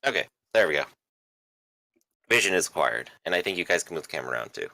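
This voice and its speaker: A man's voice: low-pitched, sing-song, quick pace, vocal fry, pushed and bright, no echo. A man running a tabletop game as game master, describing the scene with frequent "uh" fillers.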